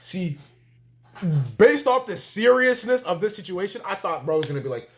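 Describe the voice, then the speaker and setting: A young man from Canada telling a story in a casual vlog, animated and full of fillers, acting out what he said at the time. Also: a little high, normal speed, slight background noise. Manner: animated storytelling, filler-heavy, acts out his own quotes. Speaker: vlogger.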